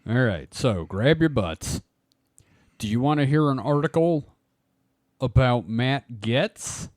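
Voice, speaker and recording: A man's voice: medium pitch, expressive, slow, dry recording, studio quality. A man hosting a casual podcast, joking and laughing often as he reads an article aloud. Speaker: podcast host.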